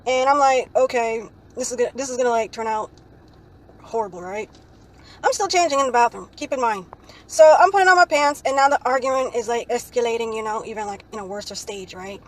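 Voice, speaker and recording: Her voice a little high and a little fast, a young woman tells a rambling story in a casual vlog. She sprinkles in "like, um" constantly and tags her phrases with "right?". The recording quality is low.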